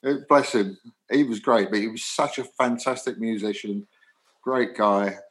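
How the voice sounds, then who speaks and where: Older English musician guest, chatty storyteller with animated delivery. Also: male voice, fairly low pitch, a little slow, poor audio. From England. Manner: animated anecdotes, acts out dialogue. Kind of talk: storytelling interview.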